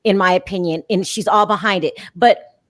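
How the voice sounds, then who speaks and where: A woman's voice: medium pitch, moderate pace, no room sound, studio quality. A woman hosting a live call-in recap show, chatting casually with strong opinions and frequent laughs. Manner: opinionated, animated, laughs often. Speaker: podcast host.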